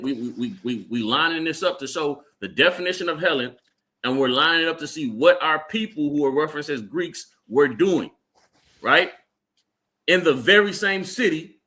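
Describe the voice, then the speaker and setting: A man's voice: on the high side, pushed and bright. A man leading a Bible class, explaining scripture and checking in with "right?" as he goes, often stumbling over repeated words. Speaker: Bible teacher. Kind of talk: street-style Bible class teaching. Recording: live stream.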